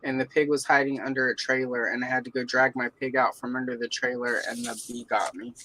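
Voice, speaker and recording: Colors in hand, a Southern woman chats on her livestream and greets viewers by name, her very deep, fairly bright voice level in tone and a little fast. Her streaming setup gives poor audio with slight background noise.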